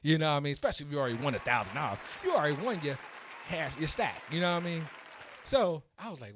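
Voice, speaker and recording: A man hosts a casual talk show and tells a story with growing excitement. His voice sits fairly high and leaps all over as he gets worked up. The sound is dry, and a small crowd can be faintly heard behind him. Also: fast talker, dry recording. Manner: animated, excitable storytelling with shouted peaks. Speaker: podcast host.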